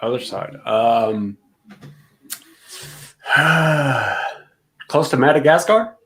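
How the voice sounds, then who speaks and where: A man's voice: medium pitch, extremely slow, a bit bright. A man from the middle of the United States in casual chat, laughing often and asking easy questions.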